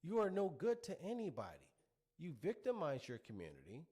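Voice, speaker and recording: A middle-aged man holds forth in a preachy talk-show monologue. His pitch swings up and down as he drives home his points with rhetorical questions. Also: wildly swooping pitch, moderate pace, darkish tone, slightly rough. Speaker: commentary show host. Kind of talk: opinionated monologue.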